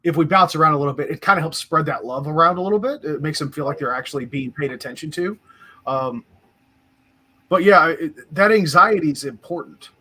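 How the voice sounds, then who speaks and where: A man's voice: a little high, fairly quick, pushed and bright, husky. A man co-hosting a podcast as a firearms instructor, explaining ideas at length in casual chat with some profane joking.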